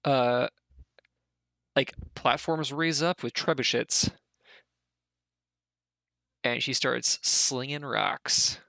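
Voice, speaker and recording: A man narrating a tabletop game as dungeon master, in a loose, halting way with spoken sound effects. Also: medium pitch, steady tone, creaky, sharp tone, no room sound.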